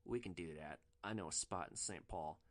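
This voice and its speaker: A man putting on a low-drawling crude passenger. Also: normal speed, lightly acted. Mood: smooth, crude. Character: crude, cocky man passenger, a big tipper.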